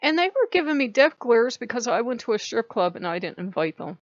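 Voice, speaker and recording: A woman casually telling a story to camera, animated and laughing, acting out the voices she quotes. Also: fairly high pitch, brisk, dry recording. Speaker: spiritual vlogger. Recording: slightly dull dry lo-fi recording.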